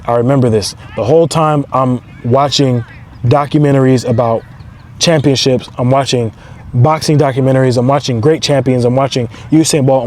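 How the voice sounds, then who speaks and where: A man's voice: medium pitch, a little mellow. A man giving an emphatic motivational talk outdoors, driving his points home with repeated affirmations. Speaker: entrepreneur and motivational speaker.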